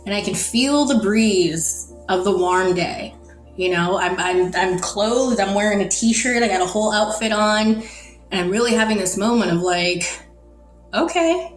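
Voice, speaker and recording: A woman from the Netherlands, a podcast guest, telling a personal story in an animated way and acting out the dialogue. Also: mid-range voice, normal speed. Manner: animated, acts out dialogue in quotes. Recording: roomy echo, faint music.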